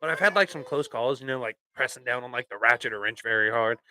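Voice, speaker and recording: A man's voice: medium pitch, expressive, fast, sharp tone. A man on a podcast, telling a crude work story in a laid-back, casual way.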